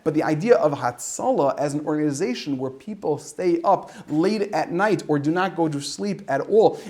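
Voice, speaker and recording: A middle-aged man, a rabbi giving an informal Torah talk to high school students, telling stories with acted-out dialogue and Yiddish and Hebrew words mixed in. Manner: animated storytelling with acted-out dialogue and asides.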